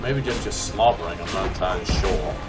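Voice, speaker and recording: A man's voice: low voice, a little fast. A man doing casual, sarcastic commentary while playing a game, mocking the enemy. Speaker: let's play host. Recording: game music behind the voice.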